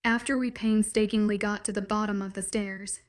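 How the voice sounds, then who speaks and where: A woman narrating a first-person romance story in a steady, soft-spoken way. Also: mid-range voice, moderate pace.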